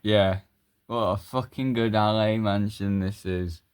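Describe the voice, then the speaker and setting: A man performing a crude, improvised comedy skit with toys, swearing and rambling as his voice jumps between high and low. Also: steady tone, unhurried, a little mellow, clean tone.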